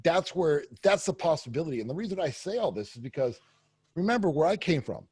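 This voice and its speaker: Brief: brash guest, man, husky voice, a bit high, dry close mic, frank and profane. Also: very animated, brisk, a little mellow. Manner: brash, profane, storytelling with many fillers. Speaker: podcast guest. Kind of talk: candid casual interview talk. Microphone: close podcast mic.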